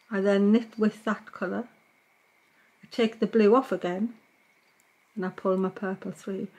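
A woman gives a knitting tutorial, narrating each stitch as she works. Her voice sits in a middle pitch, and she speaks in a calm, patient way. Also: low-quality recording. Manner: calm, patient, talks while working. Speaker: knitting teacher. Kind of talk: step-by-step craft tutorial.

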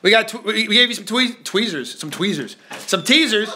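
A man in his thirties, a dad hosting a live family toy stream from home, chatting loosely with his kids and reading viewer comments fast, joking and tripping over his words. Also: high voice, animated, sharp tone, slight background noise. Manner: loose, joking, reads comments quickly and stumbles. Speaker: family channel host, dad. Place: home, indoors.

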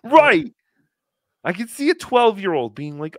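Sarcastic podcast host guy, slow draggy talk, dry close sound. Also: high voice, no room sound. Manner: animated, sarcastic, mocks with impressions. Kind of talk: mocking casual chat.

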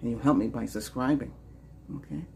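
A man hosting a Reiki healing session, chanting slow, soft repeated lines and then rambling in loose, chatty talk. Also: mid-range voice, vocal fry, faint music behind. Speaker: Reiki healer and channel host.

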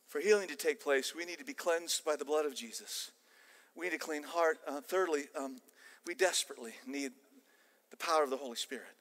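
An older man with an American accent preaching a sermon, animated and emphatic with casual asides. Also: on the high side, normal speed. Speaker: pastor. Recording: long church-hall reverb.

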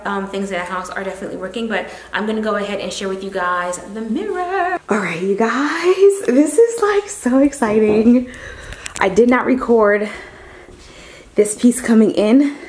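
A woman chatting casually on her home decor vlog, giddy and drawn-out in her emphasis. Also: medium pitch, roomy sound. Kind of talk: casual chat. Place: home living room, indoors.

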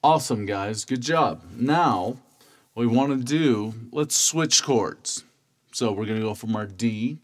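Slow, patient man teaching cavaquinho. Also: medium pitch. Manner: calm, patient, counts and chants strokes. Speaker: music teacher. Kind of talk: instrument lesson, counting beats aloud. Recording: loud instrument playing under voice. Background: cavaquinho playing.

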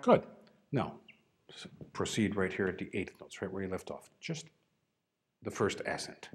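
A man's voice: low-pitched, animated, moderate pace, faint music behind. A man teaching a trombone masterclass, coaching a student with short, encouraging cues and dry humor.

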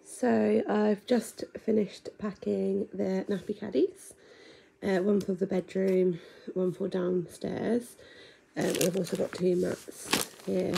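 A young woman chatting casually at home in a vlog, with lots of ums and the odd soft whisper. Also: medium pitch, little pitch movement, takes it slowly, gravelly. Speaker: vlogger. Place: home, indoors.

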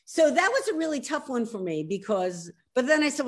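A woman in her sixties from South Philadelphia, with a Philadelphia accent, talking as a guest author in an animated, emphatic way on a video call. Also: sits high. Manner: animated, emphatic, quick to laugh at herself. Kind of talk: casual interview chat.

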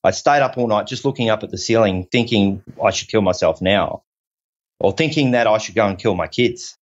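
A man's voice: on the low side, fairly quick. A man from Australia, a podcast guest telling a personal story in an earnest, rambling way, repeating himself and restarting often. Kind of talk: personal story told in conversation. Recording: dull lo-fi audio.

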